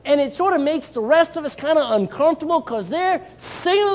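With an extremely high pitch, few pauses, and a slightly fast delivery, a Southern man preaches as a missionary. He brings Bible characters to life in an animated way as he goes.

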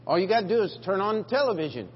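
Emphatic preacher in an echoing church. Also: male voice, sits high, sing-song, racing, a little hiss or hum. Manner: folksy, emphatic preaching with frequent restarts. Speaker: pastor. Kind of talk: sermon. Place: church sanctuary. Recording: dull, lo-fi church recording with long reverb.

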